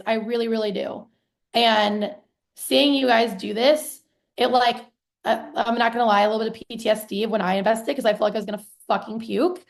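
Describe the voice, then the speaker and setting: A business coach in her thirties talks to viewers on a live stream, excited and chatty, swearing casually. Her voice sits slightly high with a gravelly vocal fry.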